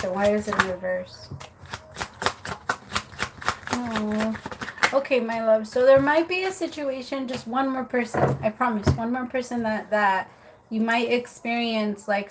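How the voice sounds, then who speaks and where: Woman doing tarot readings on a live stream, kinda high voice, chatty and giggly, noisy audio. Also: normal speed. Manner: chatty, apologetic, laughs often. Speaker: tarot reader.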